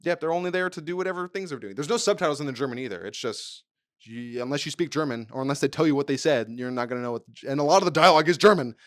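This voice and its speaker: A man's voice: a little high, very fast, no room sound, clean studio sound. A man co-hosting a podcast in casual chat, rambling and swearing as he acts out quotes. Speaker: podcast co-host.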